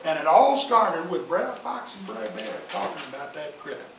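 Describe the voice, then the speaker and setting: A man telling folk tales to his family in an animated, folksy way. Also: fairly high pitch, moderate pace, a loud crowd. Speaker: family storyteller. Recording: distant echoey noisy home recording.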